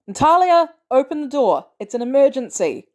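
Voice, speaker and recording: A woman voicing a gruff, weary male ex-soldier who talks bluntly and curses often, in a podcast reading of a story. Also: fairly low pitch, normal speed, mellow, close to an everyday voice. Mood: shouting.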